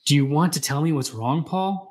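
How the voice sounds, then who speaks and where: A man voicing a calm, grieving mother, gently spoken, while reading a novel aloud. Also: a little high, moderate pace, natural voice. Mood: gentle.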